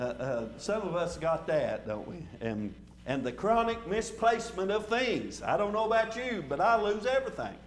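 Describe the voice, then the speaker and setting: A man with a notably high voice preaches a folksy sermon, doubling back on his words and leaning on fillers. His voice rings in a roomy church, with a faint hum under it. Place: church sanctuary.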